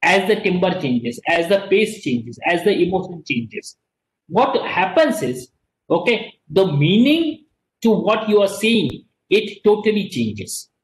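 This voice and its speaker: High-voiced Indian English lecturer, echoey classroom. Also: male voice, sing-song, slow pace. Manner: explains with many repeated words and frequent "okay"s. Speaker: teacher.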